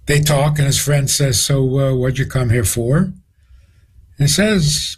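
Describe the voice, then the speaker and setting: A man's voice: medium pitch, a little slow, breathy edge, low-quality recording. A rabbi, a man, tells stories with quoted dialogue as a guest on a radio interview. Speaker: rabbi answering questions as a guest.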